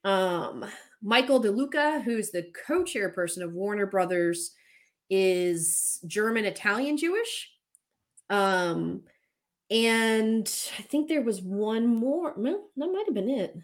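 A woman's voice: medium pitch, lively intonation, takes it slowly. A woman hosting a casual chat, talking candidly and swearing now and then as she runs through what she looked up. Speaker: host.

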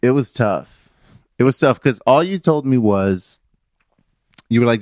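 A man's voice: medium pitch, expressive, unhurried, long pauses, darkish tone, dry recording, clean studio sound. A man in casual chat, laid-back and jokey, laughing along as he tells his story.

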